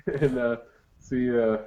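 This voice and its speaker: A man chatting on a podcast with a lively, swooping voice. He jokes, swears freely and laughs often. The audio is dull and muffled. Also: mid-range voice. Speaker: podcast co-host. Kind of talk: casual chat.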